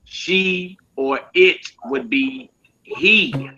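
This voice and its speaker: A man gives a casual Hebrew vocabulary lesson, pronouncing each word slowly and repeating it while tossing relaxed slang asides to his listeners. His voice is fairly high, and the recording sounds dull and lo-fi.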